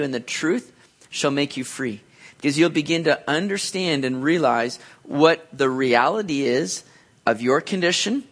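Animated man preaching, higher voice. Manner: animated, jumps into high voices to act out reactions; conversational preaching with frequent asides. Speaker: pastor. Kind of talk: sermon.

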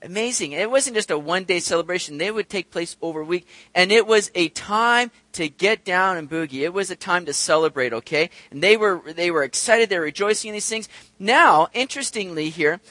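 A man preaching a sermon to his congregation, animated and acting out the voices of the people he describes. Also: high voice, a little fast, no echo. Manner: animated, acts out quoted voices, addresses congregation directly. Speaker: pastor.

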